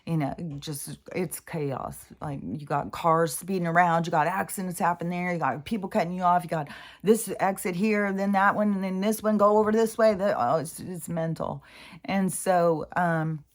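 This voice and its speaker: A woman's voice: on the low side, moderate pace. A woman speaking in a casual spiritual monologue, rambling and interrupting herself as she tells a story. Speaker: spiritual vlogger. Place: home near mountains in Washington State.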